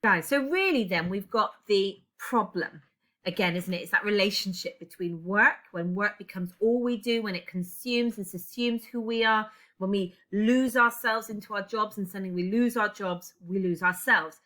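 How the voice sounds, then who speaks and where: Woman teacher talking thru a lesson, asks lots of questions, calm steady voice. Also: medium pitch, normal speed. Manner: questioning, reflective, guiding step by step. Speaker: English teacher. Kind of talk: recorded lesson.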